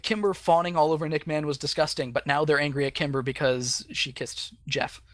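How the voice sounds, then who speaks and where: A man's voice: fairly high pitch, steady tone, brisk, fairly bright tone, dry recording. A man co-hosting a podcast, recapping a cartoon episode in a rambling, laid-back way with frequent fillers and laughs. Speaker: podcast co-host.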